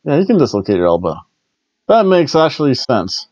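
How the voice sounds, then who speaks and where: A man's voice: medium pitch, sing-song, a little fast, darkish tone, dry recording, muffled recording. A man hosting a casual solo wrestling review, chatty and rambling, often stumbling and restarting his words. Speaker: wrestling show reviewer, host.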